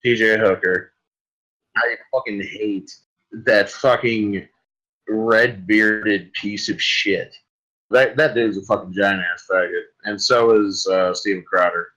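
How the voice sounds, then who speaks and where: A man's voice: on the low side, steady tone, slow pace, pushed and bright, muffled recording. A man hosting a solo podcast, delivering a rambling, crude comic rant full of swearing. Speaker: podcast host.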